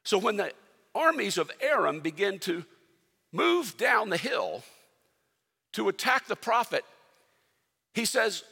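A pastor preaching a sermon, telling a Bible story with animated swings between loud and hushed delivery. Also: male voice, high-pitched, measured pace, gravelly, slightly rough. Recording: long hall reverb.

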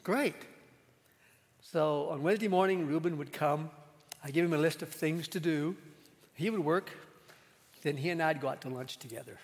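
A male pastor tells a story from the pulpit in a fairly high voice, conversational and unhurried, dropping into quiet asides now and then. A long reverb from a large hall trails each phrase. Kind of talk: storytelling sermon.

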